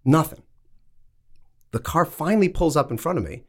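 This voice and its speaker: A man's voice: on the high side, moderate pace. A man telling a story in casual podcast chat, swearing freely and acting out the dialogue. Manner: animated, profane, acts out dialogue. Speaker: podcast co-host.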